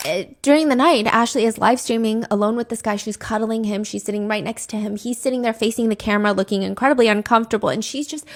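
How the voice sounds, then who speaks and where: A woman's voice: fairly high pitch, quick pace, few pauses. A woman narrating a true crime story in a chatty, opinionated, casual storytime way. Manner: chatty, opinionated, acts out quotes.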